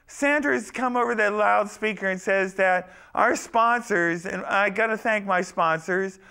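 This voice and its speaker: A man's voice: sits high, unhurried, creaky, few pauses, sharp tone, clean tone. A man hosting a parody show, delivering a profane political rant to his folks. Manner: ranting, profane, keeps saying folks. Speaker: host of a parody talk show.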